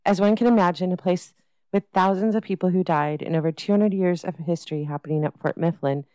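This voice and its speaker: Female podcast host reading her script, smooth, mellow tone, dry studio sound. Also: fairly low pitch, fairly quick, dry recording, rough recording. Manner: reads a prepared script.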